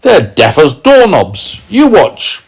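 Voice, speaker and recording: A man voicing a boastful, rude male centipede from a storybook, who shouts insults and scoffs. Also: a little high, wildly swooping pitch, takes it slowly, vocal fry, husky, voice pushed up, full character voice. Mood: scoffing.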